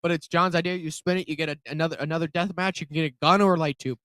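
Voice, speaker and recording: High male co-host, hesitant and loose, casual swearing, dry mic. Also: steady tone, racing, a bit bright, dry recording. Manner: hesitant, many uhs and restarts, swears casually. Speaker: podcast co-host. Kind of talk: casual chat.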